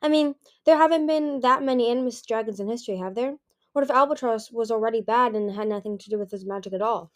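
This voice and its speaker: A woman voicing an eager, bold young dragon princess who speaks quickly and brightly. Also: a little high, close to an everyday voice.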